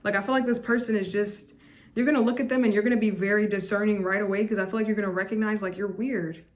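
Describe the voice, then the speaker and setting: A woman's voice: medium pitch, steady tone, very fast. A woman giving a casual tarot reading to camera, chatty and blunt, with lots of restarts and fillers. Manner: chatty, repetitive, with frequent restarts and "like"; blunt and judgmental. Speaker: tarot reader.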